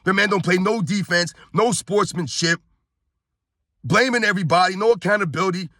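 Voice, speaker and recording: A man's voice: high voice, normal speed, pushed and bright, no room sound, clean studio sound. A man from New York in his thirties, ranting heatedly and bluntly in sports commentary, repeating himself and calling his viewers guys.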